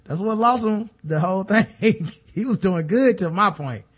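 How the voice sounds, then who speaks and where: A man co-hosting a podcast, chatting casually and reading listener emails aloud with low muttered asides. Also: normal speed, fairly bright tone, slightly rough. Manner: laid-back, drops into a low mutter for asides, reads letters aloud. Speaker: podcast co-host.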